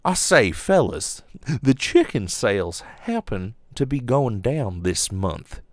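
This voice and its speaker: A man voicing a folksy Southern gentleman executive with a slow drawl, pitching a new menu idea in a boardroom. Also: big pitch swings, no room sound, clean studio sound, exaggerated voice. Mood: folksy scheming.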